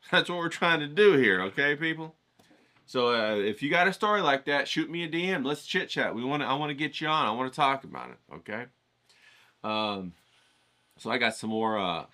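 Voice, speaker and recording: Brief: casual male vlog host, bright and forward tone, profane, chatty teaching style. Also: medium pitch. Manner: rambling, profane, keeps checking in with "okay?". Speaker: writing challenge host. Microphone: filtered through a voice isolator.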